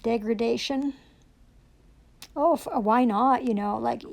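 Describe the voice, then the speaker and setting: Woman, fairly high voice, raging profane rant full of sarcasm. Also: unhurried, vocal fry, pauses often, darkish tone. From Canada. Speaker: self-recording vlogger. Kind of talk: angry rant to camera.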